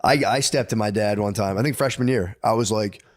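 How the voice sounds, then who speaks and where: A man in his thirties co-hosting a podcast, telling profane stories in relaxed casual chat. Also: on the low side, a little fast, dry recording, studio quality. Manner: profane, drawling storyteller. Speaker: podcast co-host.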